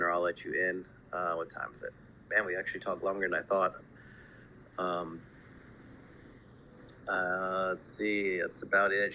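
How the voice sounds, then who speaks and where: Low-voiced guy hosting a chill online chat, bright tone, lots of ums, faint hiss behind. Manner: relaxed, rambling with many fillers. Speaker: host of an online audio chat. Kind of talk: casual chat.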